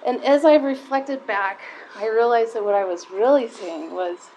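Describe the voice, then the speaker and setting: A woman's voice: a little high, normal speed, darkish tone, a little hiss or hum, low-quality recording. A middle-aged woman giving a heartfelt, conversational personal talk to a live group of mothers, close to tears at times.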